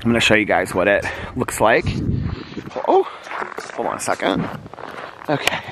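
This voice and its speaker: A man's voice: on the low side, sing-song, normal speed, background noise. A man chatting to his viewers while walking outdoors in the snow, exclaiming and laughing often, recorded on a phone. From Indiana, USA. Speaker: vlogger. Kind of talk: casual walking vlog.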